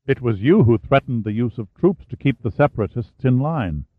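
A man's voice: medium pitch, expressive, moderate pace, no echo, close to an everyday voice. A man voicing an earnest English-Canadian deputy prime minister, anxious and protesting. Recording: phone-like narrow band, dry.

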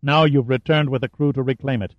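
Man voicing a cold, calm giant villain. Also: mid-range voice, a little fast, no room sound, lo-fi sound, lightly acted.

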